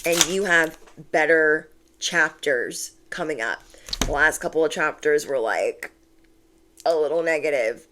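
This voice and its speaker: Low-voiced woman doing tarot readings. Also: moderate pace. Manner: chatty and animated, acts out quoted voices; reassuring, repeats key phrases. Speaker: tarot reader. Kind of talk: casual tarot reading to camera.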